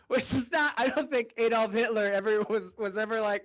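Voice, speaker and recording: A man's voice: sits high, normal speed, fairly bright tone. A male comedian doing a rambling stand-up set over a video call, often chuckling at his own jokes.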